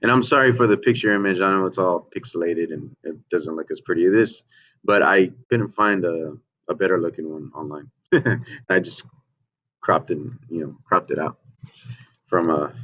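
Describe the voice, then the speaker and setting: Patient male music teacher, low voice. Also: moderate pace, a bit bright. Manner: patient, repeats "okay?" and "right?" to check in. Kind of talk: remote music lesson for children. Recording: dull lo-fi home recording.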